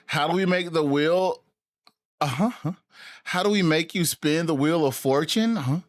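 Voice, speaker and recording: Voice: medium pitch, measured pace. A live streamer chatting casually to viewers while out of breath from exercising, sighing and puffing between sentences.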